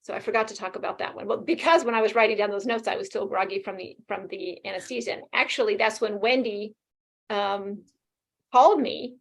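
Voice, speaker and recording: A woman in her fifties, a guest talking casually and quickly in an interview, animated and laughing often. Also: mid-range voice. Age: 50s. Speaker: guest sharing her experience.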